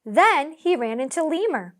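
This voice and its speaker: A teacher reading a children's story aloud with slow, expressive delivery and gentle lessons. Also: female voice, high-pitched.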